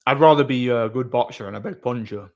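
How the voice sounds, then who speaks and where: Streamer, middle-pitched voice, loose rambling chat replies. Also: male voice, brisk, a little mellow. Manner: rambling, answers chat comments aloud. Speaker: live streamer. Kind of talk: casual live-stream chat.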